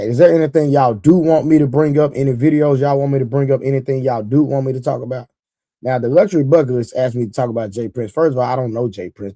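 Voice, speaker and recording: Mellow-voiced man chatting on a livestream. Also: fairly low pitch, no echo. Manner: loose and repetitive, laughs often, talks straight to chat. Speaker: livestream host. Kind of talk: casual live-stream chat, reading viewer comments aloud.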